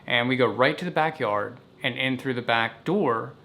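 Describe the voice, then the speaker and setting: A man casually recounting a childhood story in an animated, vivid way. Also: medium pitch, moderate pace.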